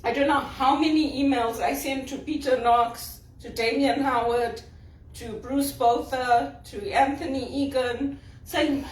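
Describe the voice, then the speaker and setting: High-voiced woman, echoey distant mic. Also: unhurried. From Zimbabwe. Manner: wry, joking, emphatic. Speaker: vlogger and spiritual director. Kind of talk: casual talk to camera. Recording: roomy echo, mic at a distance.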